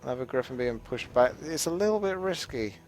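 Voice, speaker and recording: An English man giving live game commentary in a relaxed, chatty, rambling way. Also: medium pitch, brisk, faint music behind. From England. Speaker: esports commentator.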